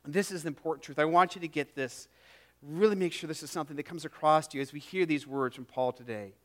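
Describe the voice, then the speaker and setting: A middle-aged man preaching a sermon as pastor, earnest and emphatic, dropping to a hush on key phrases and repeating words as he goes. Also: a little high, fast.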